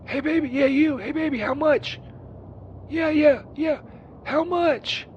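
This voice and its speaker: A man's voice: extremely high pitch, fairly quick, highs cut off. A man playing a crude, sleazy Saint Peter who rambles and swears, calling in from outside a church. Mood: leering. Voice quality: rambling, profane, full of ums and uhs. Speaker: caller on the show. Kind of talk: comedic phone-in bit. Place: outdoors near a church. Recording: noisy street with passing vehicles.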